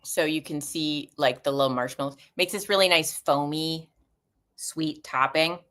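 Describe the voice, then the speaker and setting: A woman's voice: low voice, unhurried, fairly bright tone. A middle-aged woman hosting a live stream, chatting casually in a rambling, stream-of-consciousness way into a camera mic.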